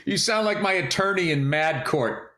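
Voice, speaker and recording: A man's voice: high voice, moderate pace, bright, forceful tone, reverberant. A man co-hosting a podcast, chatting casually and profanely, joking and ribbing his co-host. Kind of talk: casual comedic chat.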